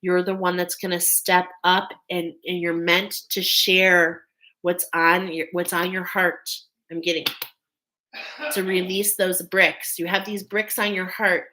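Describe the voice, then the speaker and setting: A woman giving a live channeled intuitive reading in a halting way, often pausing to check in with "okay". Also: lowish voice, little pitch movement, sharp tone, low-quality recording. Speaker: intuitive reader.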